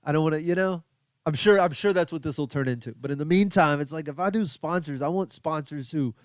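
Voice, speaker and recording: A man's voice: a little high, clear, resonant tone, dry recording. Middle-aged male comedian, dry booth sound, self-deprecating storyteller. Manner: rambling, self-deprecating, quoting his own yelling. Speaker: comedian podcast host. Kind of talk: casual storytelling monologue.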